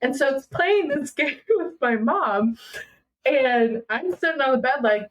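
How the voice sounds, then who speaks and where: Appearing as a podcast guest, a young Minnesotan woman animatedly recounts a personal story and performs her family's dialogue. She speaks a little slowly in a slightly high voice, and the audio quality is poor.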